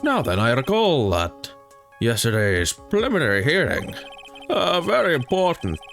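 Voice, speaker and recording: Guy putting on a fussy old judge voice, bouncy pitch all over, soft music under it. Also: wildly swooping pitch, moderate pace, gravelly, full character voice. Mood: formal. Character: elderly male judge, mild and fussy. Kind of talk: voicing game dialogue.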